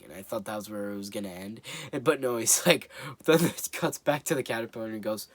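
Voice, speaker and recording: A man's voice: fairly low pitch, fairly quick, no room sound. A man giving a casual spoken movie review, rambling and hesitant with lots of fillers.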